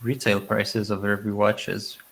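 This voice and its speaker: A man in a casual chat speaking in a measured, explanatory way and sharing trivia. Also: on the low side, flat delivery, creaky, a bit bright, a little hiss or hum, low-quality recording.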